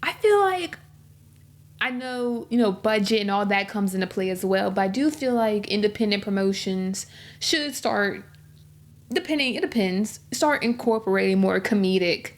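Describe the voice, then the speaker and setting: A woman hosting a casual interview with an indie wrestler, asking questions in a relaxed, chatty way. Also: medium pitch, normal speed. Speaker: interview host.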